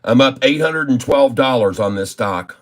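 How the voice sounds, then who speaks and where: A man's voice: mid-range voice, expressive, normal speed. Grumbling man cursing at his trades. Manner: grumbling, cursing, exasperated muttering. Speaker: day trader vlogger. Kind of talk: casual live trading commentary.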